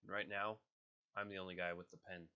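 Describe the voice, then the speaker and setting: A calm, dutiful young martial artist, as a man plays him, steady and earnest in a low, bright voice. He sounds slightly nasal, on a muffled lo-fi home recording. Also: a little fast, full character voice.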